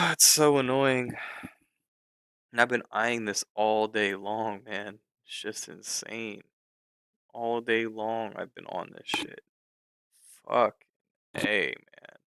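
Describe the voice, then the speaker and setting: A young man commenting on his trading during a live stream, frustrated and swearing in drawn-out outbursts. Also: fairly low pitch, fairly even intonation, vocal fry, sharp tone, clean tone, dry recording, poor audio. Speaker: livestreaming futures trader.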